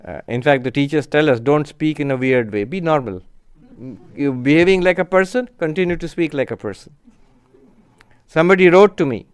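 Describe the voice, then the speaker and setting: A man, a spiritual teacher giving a reflective, unhurried lecture and answering audience questions. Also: a little high, clean tone. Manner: unhurried, reflective, lists terms slowly.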